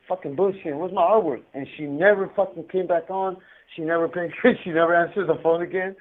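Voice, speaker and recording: A man telling profane, laughing stories over a prison phone call. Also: fairly high pitch. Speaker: incarcerated caller. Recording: tinny prison phone line.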